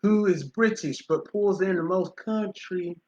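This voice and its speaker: A man's voice: sits high, a little slow, crowd noise. Rambling man in an echoey room. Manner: rambling, with fillers and restarts. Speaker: co-host of a movie review show. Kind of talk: casual movie review chat. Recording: dull lo-fi sound in an echoey room.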